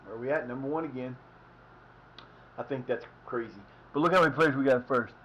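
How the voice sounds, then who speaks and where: A man's voice: medium pitch, a little fast, a bit bright. A man casually chatting while streaming a football management game, rambling and swearing now and then. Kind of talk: casual live-stream commentary. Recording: slightly dull lo-fi mic.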